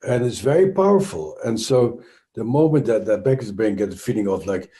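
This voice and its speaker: A man's voice: on the low side, lively intonation, normal speed, mellow. A man with a Dutch accent, a trauma expert speaking as an interview guest, explaining thoughtfully with frequent restarts and fillers.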